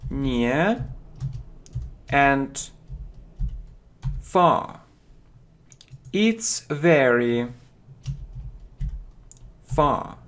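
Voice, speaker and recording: A man teaching English vocabulary to learners, speaking slowly and deliberately, repeating each word so students can follow. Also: fairly high pitch, a bit bright. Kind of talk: slow vocabulary lesson for learners.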